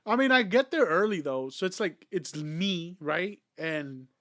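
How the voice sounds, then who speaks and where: Young man, podcast host, a bit high-pitched, rambling, profane, casual chat. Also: animated, a little slow, pushed and bright, no room sound, studio quality. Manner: rambling, profane storytelling full of "like".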